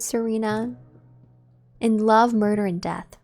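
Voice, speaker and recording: A woman in the middle of pitch for her sex, chatting loosely with viewers as she plays a game. She thinks out loud in a friendly, rambling way. Faint music plays under her voice. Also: measured pace, pauses often. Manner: chatty, musing aloud to chat. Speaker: streamer. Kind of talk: casual gameplay commentary.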